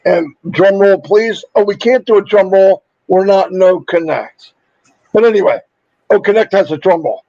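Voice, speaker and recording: A man hosting a casual livestream, upbeat and chatty, rattling off viewer shout-outs while losing his voice. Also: sits high, moderate pace, dry recording, highs cut off. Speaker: livestream host.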